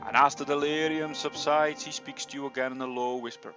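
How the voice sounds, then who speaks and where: A man's voice: medium pitch, fairly quick, faint music behind. A young man reading a fantasy gamebook aloud, playfully breaking in with joking asides, on a slightly dull recording. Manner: playful, animated, breaks in with jokey comments. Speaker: reader of a gamebook.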